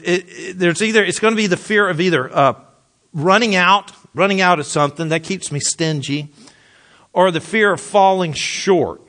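A man preaching a sermon in a conversational way, repeating phrases and speaking straight to his listeners. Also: fairly high pitch. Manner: mutters scripture quietly. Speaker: pastor.

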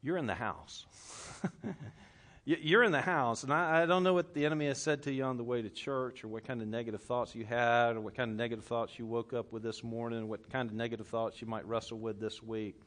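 A man with a Southern US accent preaching a sermon as pastor, telling stories with lively swings between loud bursts and hushed passages. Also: medium pitch, fast talker, hardly any pauses. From Southern United States.

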